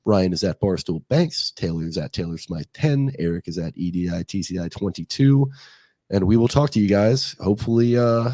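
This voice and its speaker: A hoarse man co-hosting a casual sports podcast, speaking in a laid-back, rambling way. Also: deep voice, expressive, moderate pace, dark tone, dry recording, studio quality. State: hoarse from the season. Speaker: podcast co-host.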